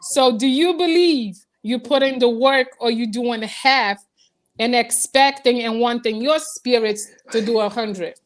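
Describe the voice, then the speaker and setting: A woman hosts a casual spiritual podcast, speaking in a reflective way. Her voice sits high. She mixes in small acted lines for the spirits she talks about. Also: a little slow. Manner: reflective, acts out quoted spirits. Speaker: podcast host.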